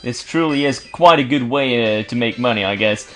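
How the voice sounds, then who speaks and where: A man's voice: medium pitch, moderate pace, soft background music. A man casually commentating his gameplay, stuttering and restarting words often, with joking, sarcastic asides. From Belgium. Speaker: let's play commentator.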